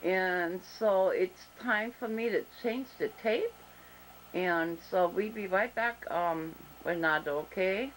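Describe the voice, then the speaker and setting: A woman with a German accent hosting a casual interview show over a video call, talking slowly and deliberately with many fillers and restarts. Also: medium pitch, a little hiss or hum, poor audio. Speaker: talk show host.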